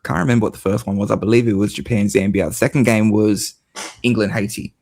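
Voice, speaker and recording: A man's voice: lowish voice, steady tone, quick pace, creaky, darkish tone. An Australian man chatting about football as a panel guest on a video call, easygoing and teasing. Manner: easygoing, teasing, self-deprecating. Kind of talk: casual football chat.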